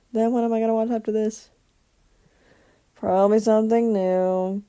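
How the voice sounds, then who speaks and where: A young woman vlogs through her day with a slightly high voice. She rambles in a chatty, offhand way and drops the odd swear word. Her talk is loose and unscripted. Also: fairly even intonation, moderate pace, pauses often, mellow, smooth. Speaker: vlogger. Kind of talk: casual daily vlog.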